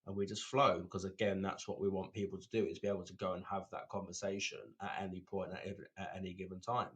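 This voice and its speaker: Low-voiced man, chatty co-host who stumbles and repeats himself. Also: level tone, fast talker, fairly bright tone. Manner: rambling, repeats words, laughs often. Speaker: podcast co-host. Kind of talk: casual chat.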